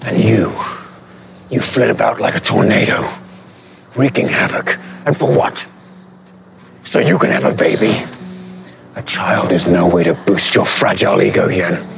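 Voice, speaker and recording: An actor playing a gruff, brooding monster hunter who speaks in terse, gravelly lines in a drama clip. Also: male voice, deep voice, lively intonation, measured pace, long pauses, over music, full character voice. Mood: stern.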